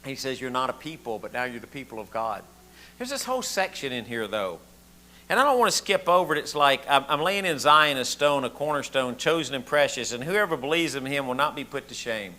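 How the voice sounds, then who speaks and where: An older Southern pastor from the United States preaches a conversational sermon in a medium-pitched, sharp-toned voice, expressive and a little fast. Folksy in manner, he asks the congregation questions and repeats words often.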